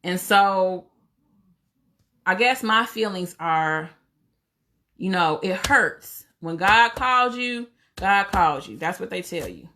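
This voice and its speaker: Woman talking on her livestream, bright voice, lots of rhetorical questions, opinionated. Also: mid-range voice, expressive, slow pace, long pauses. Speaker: livestream host. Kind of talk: casual livestream commentary.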